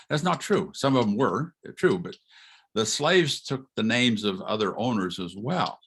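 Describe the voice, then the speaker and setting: An older man, a retired history professor, gives an informal lecture over a video call. He is animated, asks rhetorical questions and chuckles as he talks. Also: mid-range voice, moderate pace, breathy edge.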